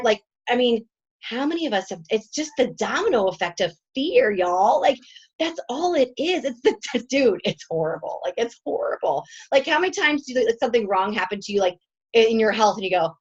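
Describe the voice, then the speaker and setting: A woman's voice: on the high side, expressive, fairly quick, dull audio. Chatty woman in her forties. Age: 40s. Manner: chatty, emotional, laughs often, says y'all. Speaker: team coach. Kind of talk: motivational team talk.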